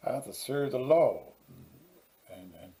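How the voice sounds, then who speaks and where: A man's voice: mid-range voice, lively intonation, a little slow, crowd noise, rough recording. A man hosting his own talk show as a pastor, bantering dryly and cussing casually. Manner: dry, teasing, profane.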